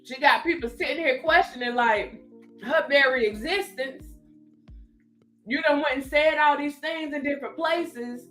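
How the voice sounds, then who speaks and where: A high-pitched woman hosts a casual live stream, laughing a lot as she talks to her viewers and reads their comments. Her voice is bright and sharp, and faint music sits behind her. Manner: laughing often, chatty and animated, reading viewer comments aloud.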